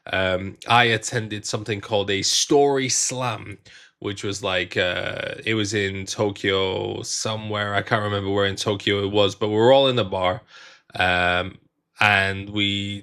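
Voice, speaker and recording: A man's voice: on the low side, fairly bright tone. Chatty, frank male vlogger. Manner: chatty, frank, with fillers and restarts. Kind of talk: casual vlog commentary.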